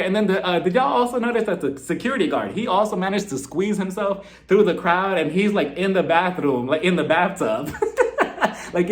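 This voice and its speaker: Chatty man recapping reality TV. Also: sits high. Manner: chatty, amused, laughs often. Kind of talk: casual recap commentary.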